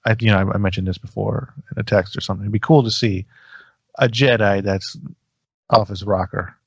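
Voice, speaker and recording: A man with a somewhat low voice chats easily as a podcast co-host. He hesitates often and fills gaps with ums, and the sound is dry and close to the mic. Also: fairly even intonation, a little fast, vocal fry, breathy edge, dry recording. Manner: hesitant, many fillers, easygoing. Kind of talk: casual chat.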